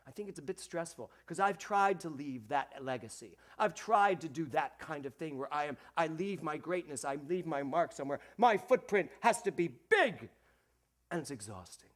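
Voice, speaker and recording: Delivering a sermon at a moderate pace, this minister has a fairly high voice. He animatedly performs the voices of those he quotes and speaks straight to the congregation.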